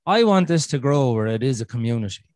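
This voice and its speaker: A man's voice: medium pitch, lively intonation, fast, a little mellow. An Irish man hosting a podcast in casual chat, rambling with frequent restarts and swearing. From Ireland. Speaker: podcast host.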